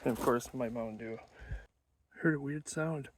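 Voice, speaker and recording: A man's voice: medium pitch, normal speed, slight background noise. A man talking casually to the camera while hiking outdoors, a bit out of breath and chatty about his trip. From Wisconsin. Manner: chatty, talking while walking and pulling a cart. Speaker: outdoors vlogger. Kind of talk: casual walk-and-talk vlog. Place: outdoors in the woods and at a riverbank.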